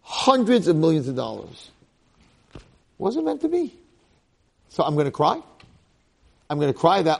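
Gravelly New rabbi in his sixties. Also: normal speed, long pauses. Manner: excitable, bursts up high and loud to stress a point, then drops low and soft. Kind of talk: casual Torah talk with personal stories.

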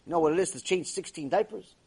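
A man with a high, husky voice gives a Torah lesson to a room of listeners. He tells stories with animation and mixes Hebrew terms into his plain talk. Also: fast, a little mellow. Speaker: rabbi teaching a class. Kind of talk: Torah class lecture. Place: classroom with a live audience.

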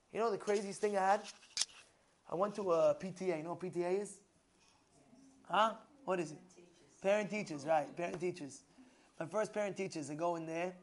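Excitable high-voiced male preacher. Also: fast talker. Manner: excitable, storytelling, asks the audience questions, swings from loud to hushed. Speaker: rabbi giving a Torah class. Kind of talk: animated sermon with acted-out dialogue.

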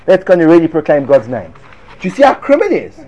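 A man giving a lively Torah class to students, sarcastic and quick to laugh at his own points. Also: fairly high pitch, highs cut off. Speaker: Torah teacher.

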